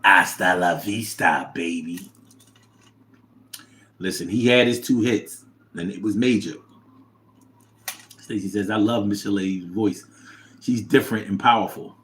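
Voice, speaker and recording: Animated man reading chat aloud. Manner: animated, drops to low mumble reading comments. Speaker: livestream host reading chat. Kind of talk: casual chat.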